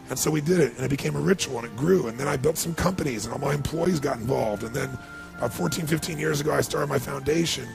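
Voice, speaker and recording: Gravelly man telling a heartfelt story. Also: on the high side, fast talker. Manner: passionate, builds to excited emphasis. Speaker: motivational speaker. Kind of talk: emotional motivational storytelling. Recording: speech with clear music behind.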